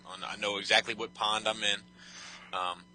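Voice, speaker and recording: A man's voice: fairly low pitch, level tone, normal speed, sharp tone, a little hiss or hum, low-quality recording. A man co-hosting a podcast, thanking listeners in a hesitant, humble way with many restarts. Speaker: podcast co-host. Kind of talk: casual chat.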